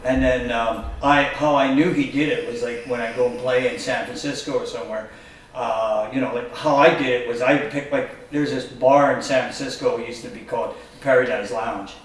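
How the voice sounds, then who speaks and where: A man's voice: medium pitch, normal speed. A man telling rock-and-roll stories in a casual chat, acting out the voices of the people in his anecdotes. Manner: animated storyteller who acts out quotes. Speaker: guest musician. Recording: echoey room picked up from a distance.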